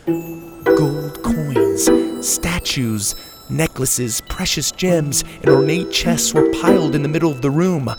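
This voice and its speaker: A man narrating a children's adventure story in an animated, expressive way. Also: on the high side, slow, over loud music.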